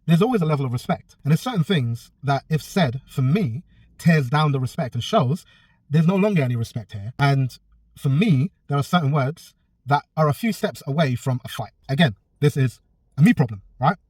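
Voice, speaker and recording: A man's voice: a little high, lively intonation, normal speed, darkish tone, slightly rough, no room sound, recorded from a distance. A man, a personal trainer telling a story in a casual vlog, blunt and swearing freely. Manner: blunt, swears a lot, acts out both sides of a quarrel.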